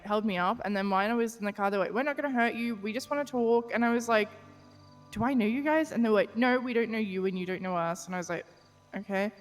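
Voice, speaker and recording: A woman in character during a roleplay game, telling a rambling story full of "like" and quick laughs. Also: mid-range voice. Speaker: roleplay player.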